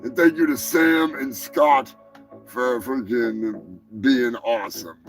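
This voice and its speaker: A man hosting a live stream, rambling and swearing casually while high. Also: slow, soft background music, poor audio. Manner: rambling, profane, laid-back. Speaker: host.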